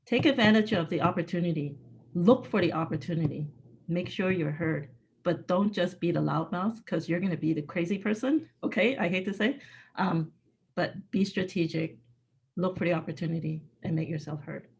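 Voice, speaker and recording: A woman with a slightly low voice gives candid interview answers. She is blunt and emphatic, stresses her key words, and laughs often. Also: normal speed, vocal fry, slightly rough, highs cut off. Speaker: guest speaker, executive.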